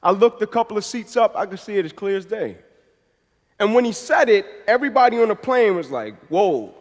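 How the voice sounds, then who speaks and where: High-pitched guy from atlanta giving a fired-up motivational speech, preachy build, big hall echo. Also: lively intonation, a little fast. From Atlanta, Georgia. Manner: emphatic, building to preacher-like cadence. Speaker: motivational speaker. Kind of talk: inspirational storytelling speech. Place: large event hall. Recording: long reverb of a large hall.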